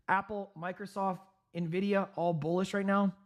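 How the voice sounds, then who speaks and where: A man hosting a live trading stream, giving upbeat market commentary with frequent laughs, clearing his throat and coughing from a sore throat. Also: high voice, flat delivery, unhurried. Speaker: trading livestream host.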